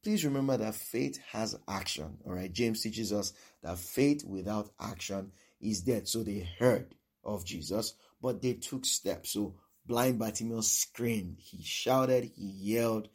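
A man's voice: lowish voice, unhurried, hardly any pauses. A male preacher giving a sermon who repeats his points and keeps asking "all right?".

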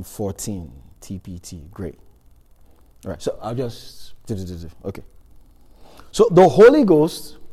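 A man's voice: mid-range voice, dark tone, long reverb tail. A man preaching a sermon, reading Bible verses and asking the congregation questions with emphasis.

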